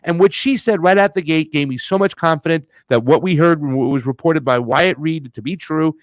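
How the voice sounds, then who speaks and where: A man's voice: on the high side, normal speed, no room sound. A man co-hosting a casual political chat show, blunt and heated, talking in loose slang. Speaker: co-host.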